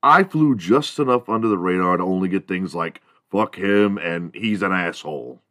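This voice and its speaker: Male podcast host, fairly low voice, dry close sound, loose swearing comic rant, slips into squeaky impressions. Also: moderate pace, fairly bright tone, no echo. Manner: rambling, profane, laughs at own jokes; mimics other people in high squeaky voices. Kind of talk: solo comedic monologue.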